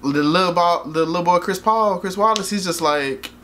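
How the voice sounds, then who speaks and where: A man's voice: high voice, moderate pace, fairly bright tone, slight background noise. Rambling, profane man reviewing a movie. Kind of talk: casual movie review vlog.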